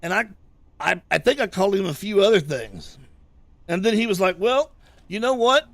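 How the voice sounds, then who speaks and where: High-voiced man telling a heated story. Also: expressive, normal speed, vocal fry, no room sound. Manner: heated, swears a lot, retells quarrels. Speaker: livestreamer. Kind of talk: casual profane storytelling.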